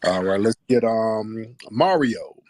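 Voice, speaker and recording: A man's voice: on the low side, lively intonation, takes it slowly, a little mellow, no echo. A man hosting a call-in livestream. He talks in a combative, profane and emphatic way. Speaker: talk show host.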